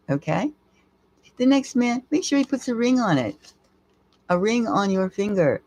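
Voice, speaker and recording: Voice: medium pitch, no room sound. A tarot reader giving a live reading, with blunt, emphatic advice, casual swearing, and sentences that ramble and restart.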